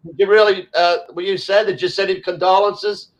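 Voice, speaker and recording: A man's voice: high-pitched, fairly even intonation, a little fast, poor audio. An Australian man hosting a casual chat, ranting bluntly with lots of swearing and fillers. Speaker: host.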